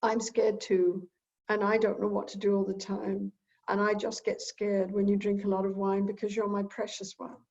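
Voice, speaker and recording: A woman's voice: medium pitch, level tone, normal speed, natural voice. A woman quoting a scared, tender wife. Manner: soft and reassuring. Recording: dull lo-fi recording.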